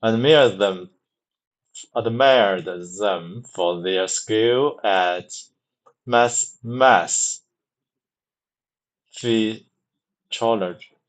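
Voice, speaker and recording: A man reads aloud at a very slow, careful pace, stumbling and saying words over several times. His voice sits on the low side. He sounds like someone practicing English pronunciation. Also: rough recording. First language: Mandarin. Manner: halting, repeats words many times, restarts.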